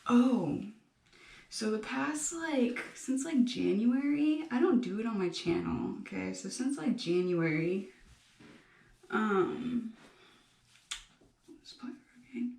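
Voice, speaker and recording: A young woman rambling through a personal vlog, halting often with fillers and restarts. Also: a little high, expressive, vocal fry, a little mellow. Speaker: vlogger. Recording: echoey room, mic at a distance.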